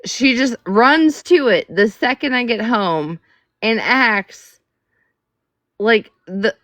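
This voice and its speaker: Brief: middle-aged woman streamer, animated swinging pitch, profane chatty storyteller. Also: slow pace, dry recording. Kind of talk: casual livestream chat.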